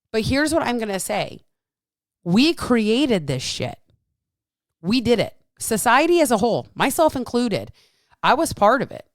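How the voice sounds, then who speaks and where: A woman's voice: medium pitch, dry recording, clean studio sound. A woman, a fitness coach hosting a solo podcast, talking bluntly with lots of swearing and emphatic repeats. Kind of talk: casual solo podcast talk.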